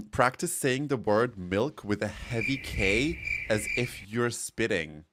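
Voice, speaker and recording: A man's voice: fairly low pitch, expressive, takes it slowly, noisy background. A man streaming a game, chatting casually and giggling as he reacts to chat messages.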